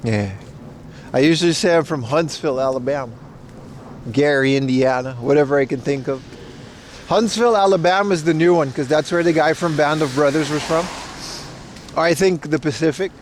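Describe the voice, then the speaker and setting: At an outdoor event in Japan, a man with a slightly high, somewhat fast voice walks and chats on an IRL livestream. There's a little hiss or hum in the audio as he rambles and jokes, mocking himself playfully.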